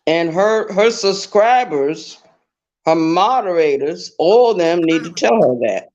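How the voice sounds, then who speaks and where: A woman's voice: fairly low pitch, lively intonation, measured pace, a little mellow. A woman calling in as a guest, giving blunt casual commentary and repeating her points for emphasis. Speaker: guest caller. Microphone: online call through a browser. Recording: dull lo-fi call audio.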